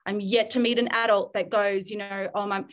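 A woman's voice: mid-range voice, fairly even intonation, moderate pace. A woman, a parenting expert in casual podcast chat, speaking frankly and acting out quoted voices.

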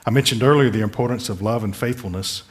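A man's voice: medium pitch, fast talker. A man preaching a sermon, earnestly pleading with listeners and restating scripture in plain words. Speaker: pastor.

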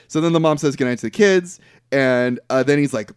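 A man's voice: mid-range voice, normal speed, clean tone, dry recording, studio quality. A man hosting a podcast who casually retells a movie plot, rambling with fillers and the odd swear word. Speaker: podcast host.

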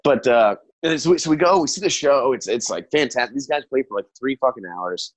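A man's voice: medium pitch, expressive, fairly quick, no echo, poor audio. Hungover man telling a rambling story. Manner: rambling, profane, laughing often. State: hungover, hiccuping. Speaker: podcast co-host. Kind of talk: casual comedic storytelling.

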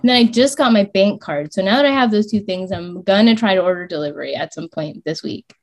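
A young woman from the United States talks as a podcast guest, her voice sitting at an everyday middle pitch. She speaks candidly and chattily, leaning on "like" and laughing often. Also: quick pace. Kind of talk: casual podcast chat.

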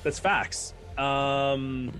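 A man's voice: mid-range voice, little pitch movement, extremely slow, fairly bright tone, faint music behind. Casual man running a tabletop game. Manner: casual, loose narration full of fillers and restarts, counts dice aloud. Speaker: game master.

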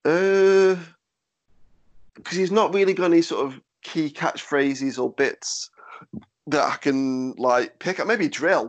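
A man hosting a podcast in casual chat, with a nasal, fairly monotone voice, swearing and laughing easily. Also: on the high side, slow pace, highs cut off. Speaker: podcast host.

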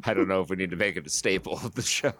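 Man, podcast co-host, deep voice, wry box office rundown. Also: a bit bright, dry recording. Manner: wry, quick asides. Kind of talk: reading box office numbers in casual podcast chat.

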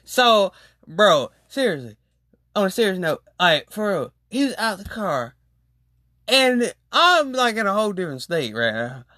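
A young adult podcast host telling a rambling, slangy personal story with loudly exclaimed reactions. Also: medium pitch, very animated, measured pace, no room sound, studio quality. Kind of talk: casual storytelling monologue.

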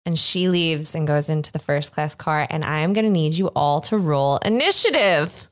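A woman running a tabletop game as game master, narrating in a relaxed, halting way with many fillers. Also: low-pitched.

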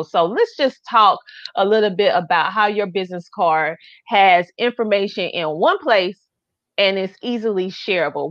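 A woman with a Southern accent hosting a live online business show, talking with excited, gushing emphasis. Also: mid-range voice, no room sound, muffled recording. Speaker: host.

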